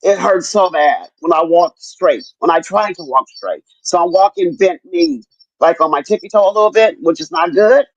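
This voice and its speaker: A woman's voice: on the low side, sing-song, moderate pace, breathy edge, no echo, highs cut off. An older woman and grandmother speaking candidly in a casual chat, often repeating herself and cursing freely. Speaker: stroke survivor sharing her story.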